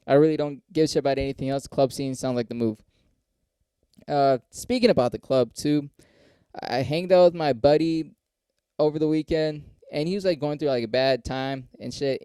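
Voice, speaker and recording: A young man hosting a podcast, a comedian rambling profanely about the comedy scene and acting out quotes in a higher voice. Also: warm tone, clear, resonant tone, no echo. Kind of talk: casual podcast monologue.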